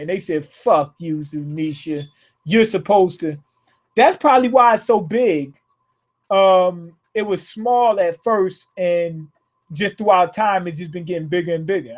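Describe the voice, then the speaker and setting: A man with a notably high voice reacts live to a manga chapter. He reads lines aloud, stumbles and restarts, and curses freely as he gets worked up. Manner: profane, excitable, rereads lines aloud with many restarts.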